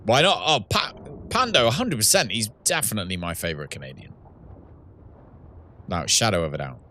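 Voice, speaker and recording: Guy in his 30s chatting to chat mid-game, lowish voice, swings up and down a lot. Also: sing-song, fairly quick, bright, forceful tone, a little hiss or hum. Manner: chatty, reads chat aloud, laughs often. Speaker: streamer and host. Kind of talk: casual livestream gaming chat.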